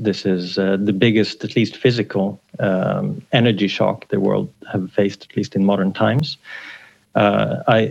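Gravelly man on a broken remote line. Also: fairly low pitch, darkish tone, muffled recording. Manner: hesitant, many fillers. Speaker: economics professor guest. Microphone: remote call line.

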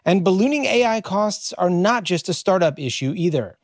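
A male radio news reporter reads his scripted story with measured, even pacing. His voice sits a little higher than most men's. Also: dry recording.

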